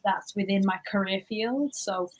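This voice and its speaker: A young Englishwoman with an English accent chats casually as a guest in a livestream interview, animated and talkative, full of "like" and restarts. Her voice is mid-range at a measured pace, and the recording is rough.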